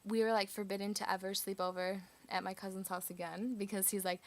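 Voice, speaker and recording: A woman recounting a personal story in a loose, chatty way. Her sentences spill out with "like" and "um" scattered throughout, and her pitch sits at an ordinary middle height for a woman. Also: flat delivery, brisk. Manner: chatty, lots of "like" fillers.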